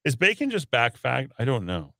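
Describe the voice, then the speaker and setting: A man's voice: mid-range voice, wildly swooping pitch, normal speed, creaky, a bit bright. A man hosting a talk radio show, reading listener texts aloud with sarcastic jokes. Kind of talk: casual radio banter.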